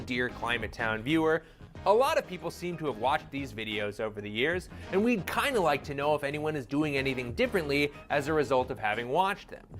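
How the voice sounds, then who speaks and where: A man's voice: on the high side, a bit bright. A man hosting a scripted comedic explainer video, sarcastic and full of jokey asides. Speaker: video host.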